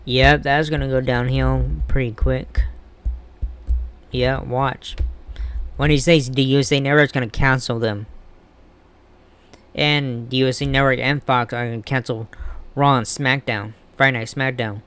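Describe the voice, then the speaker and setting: A man with a smooth, resonant voice at an ordinary middle pitch, ranting in a casual wrestling commentary vlog. He is blunt and heated, swearing freely as he talks. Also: steady tone, a little slow, long pauses, a bit bright, faint music behind.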